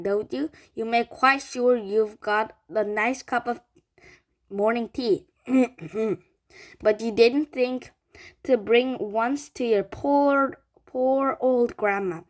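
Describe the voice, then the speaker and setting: A woman voicing an enormous, greedy old grandmother who shouts and scolds everyone, reading slowly. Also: a little high. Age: over 60.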